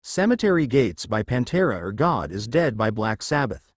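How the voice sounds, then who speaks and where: A man's voice: medium pitch, very animated, moderate pace, dry recording, clean studio sound. A man reading the lines of a confident, teasing teenage boy who plays guitar, in a fan fiction story.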